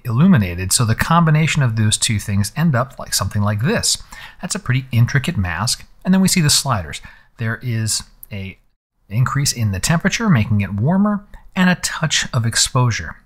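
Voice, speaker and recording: A man giving a relaxed, conversational screen-recorded photo editing tutorial, explaining steps as he clicks through them. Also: mid-range voice. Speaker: photography instructor.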